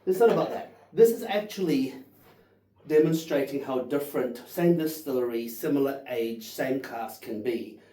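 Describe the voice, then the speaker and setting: A man's voice: mid-range voice, animated, moderate pace, mellow, reverberant, far from the mic, poor audio. A man in his thirties rambling and swearing cheerfully while tasting whisky for his channel. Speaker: whisky reviewer. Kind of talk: casual tasting vlog.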